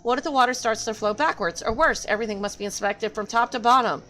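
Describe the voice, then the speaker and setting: A woman's voice: a little high, quick pace, pushed and bright, a little hiss or hum. A woman voicing a worried rabbit-folk character in a game, fretting and pleading for help. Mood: fretful.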